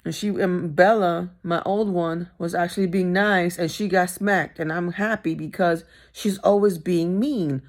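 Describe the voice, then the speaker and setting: A woman's voice: on the low side, fairly even intonation, measured pace, hardly any pauses. A middle-aged woman telling a personal story in a vlog, candid and emphatic, repeating phrases for stress. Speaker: vlogger.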